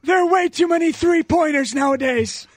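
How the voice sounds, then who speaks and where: A reedy, very high-pitched old codger grumbles that nothing in sports is as good as it used to be. He complains in a nostalgic, cranky drawl. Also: moderate pace, no echo. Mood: grumbling. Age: older. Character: cranky old man longing for old-time sports. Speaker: radio show regular.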